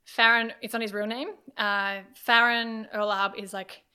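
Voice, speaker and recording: Bright-voiced woman telling stories. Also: a little high, level tone, unhurried, clean tone. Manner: chatty, enthusiastic storytelling with many fillers. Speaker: podcast guest. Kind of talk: casual chat.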